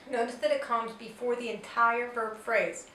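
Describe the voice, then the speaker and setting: A woman's voice: fairly high pitch, fairly even intonation, normal speed, pushed and bright. Woman teaching Spanish grammar, echoey room. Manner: patient, explains step by step with examples. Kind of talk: explaining grammar lesson. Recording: roomy echo, distant mic, faint noise.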